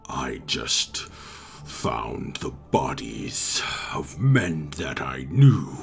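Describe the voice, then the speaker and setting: A man voicing a stern male guard of a holy order, speaking slowly and coldly. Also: extremely low pitch, big pitch swings, vocal fry, voice pushed down, full character voice. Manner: cold, accusing, slow and grave.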